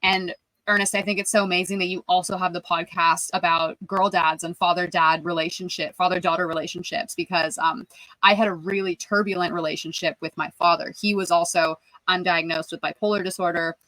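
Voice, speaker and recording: Bright, earnest woman guest. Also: lowish voice, little pitch movement, brisk, dry recording, poor audio. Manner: earnest, heartfelt, open. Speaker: podcast guest, wellness coach. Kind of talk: casual interview answers.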